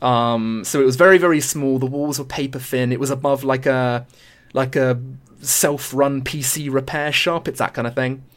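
A woman's voice: very deep voice, normal speed. A young woman with a British accent tells a story casually on a podcast, swearing freely and acting out what others said. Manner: animated, swearing, acts out quotes. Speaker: podcast guest.

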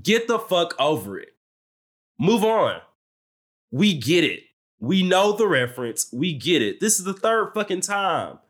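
A man's voice: high-pitched, big pitch swings, unhurried, fairly bright tone. A man co-hosting a reality TV recap podcast, ranting heatedly with lots of swearing and blunt repetition. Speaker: podcast co-host.

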